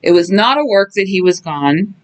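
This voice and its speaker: A woman's voice: medium pitch, lively intonation, moderate pace. A woman co-hosting a podcast, recapping wrestling in casual chat, blunt and offhand with many fillers. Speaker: podcast co-host.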